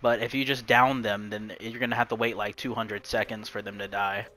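A man's voice: fairly low pitch, flat delivery, fairly quick, sharp tone. A young man in casual chat over a game, laughing easily and explaining how the game works. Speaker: gamer.

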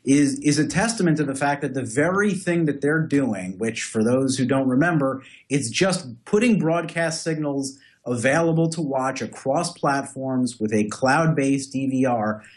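A man's voice: medium pitch, normal speed. A man co-hosting a tech news podcast, giving firm opinions and setting out his points one by one. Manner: opinionated, lays out points in order. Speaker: podcast co-host. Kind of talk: casual tech news discussion.

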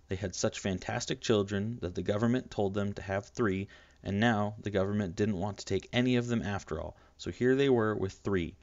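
A man with a low voice reads a novel aloud in a steady, measured way. The recording is dull and lo-fi. It sounds dry and close, with no room around him. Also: dry recording. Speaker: audiobook narrator. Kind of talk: scripted audiobook narration.

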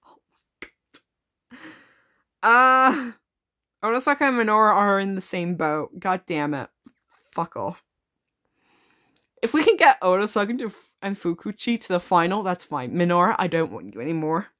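A woman's voice: fairly low pitch, sing-song, normal speed, long pauses, fairly bright tone. A woman playing a simulator game, reading on-screen text aloud and reacting with frequent swearing in casual commentary. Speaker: gaming video creator. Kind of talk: casual let's-play commentary.

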